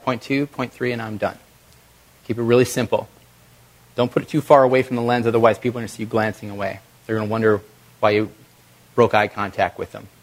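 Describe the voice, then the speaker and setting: A middle-aged man giving an energetic coaching talk to a live workshop audience. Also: mid-range voice. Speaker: video presentation trainer.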